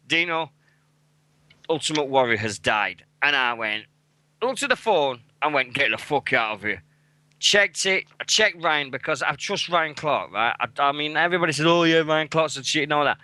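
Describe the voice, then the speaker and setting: This English radio co-host in his forties speaks in a high-ish, pushed, bright voice with a British accent, blunt, emotional and swearing often during a casual chat. The recording is rough, with no echo.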